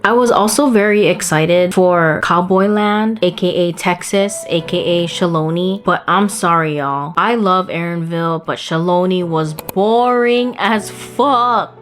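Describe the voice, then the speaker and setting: A young woman casually reviewing a video game, animated and swearing, acting out characters in high, squeaky voices. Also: a little slow, hardly any pauses, soft background music. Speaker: gaming video creator.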